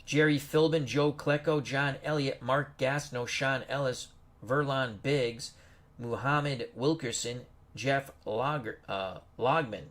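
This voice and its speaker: Guy hosting a football sim stream, slow and chatty, reads rosters, trips on names now and then. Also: mid-range voice, a bit bright. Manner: slow, chatty, greets viewers and stumbles over names. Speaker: host. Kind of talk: casual game commentary.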